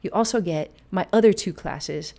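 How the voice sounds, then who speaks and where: A woman's voice: fairly low pitch, moderate pace, mellow. A woman hosting a casual piano lesson and plugging her classes, chatty and enthusiastic with playful asides. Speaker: music teacher and host. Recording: faint piano music behind. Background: piano playing.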